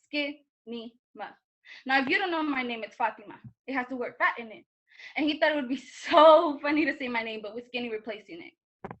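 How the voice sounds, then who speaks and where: A young woman, a student performer, delivers an earnest, impassioned spoken-word monologue over a video call in a high-pitched, fast, fairly bright voice. The recording is muffled, and she poses pointed questions to her listeners.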